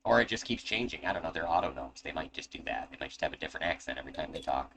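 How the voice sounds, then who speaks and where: A man's voice: extremely low pitch, lively intonation, rapid-fire, creaky. A man narrating and running a tabletop game as game master, casual and joking, with swearing asides. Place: home. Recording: noisy home recording.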